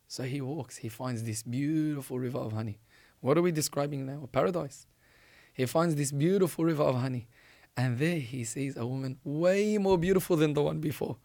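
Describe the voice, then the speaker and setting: A man preaching, telling a religious story in an animated, emphatic way and often restarting his sentences. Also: a little high, brisk.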